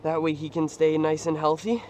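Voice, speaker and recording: A young man in an outdoor fishing vlog, exclaiming as he talks from a kayak on open water, swinging between hushed murmurs and loud outbursts. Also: fairly high pitch, level tone, moderate pace, slight background noise. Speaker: fishing vlogger. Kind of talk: excited outdoor vlog commentary.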